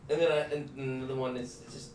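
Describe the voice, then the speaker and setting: A man's voice: medium pitch, fairly even intonation, quick pace, distant mic, background noise. A man chiming in with jokes and short stories in casual podcast chat. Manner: joking, chiming in. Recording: echoey room, crowd chatter.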